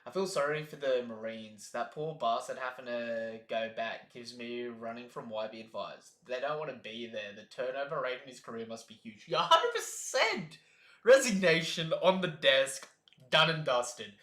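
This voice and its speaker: A man's voice: medium pitch, animated, moderate pace, bright, forceful tone, reverberant. A man streaming a live reaction, chatting casually and reading comic panels aloud in exaggerated voices.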